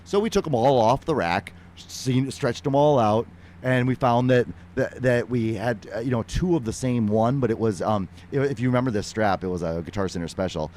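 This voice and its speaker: A man hosting a podcast, telling a story casually in a halting, rambling way, with many fillers and restarts. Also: medium pitch, a little mellow, a little hiss or hum. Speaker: podcast host. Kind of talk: casual conversation.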